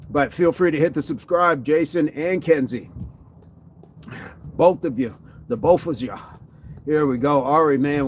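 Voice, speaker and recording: A man's voice: on the high side, a little hiss or hum. Joking man hosting a fitness livestream. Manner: playful, joking, greets viewers by name. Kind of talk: casual livestream chat reading comments.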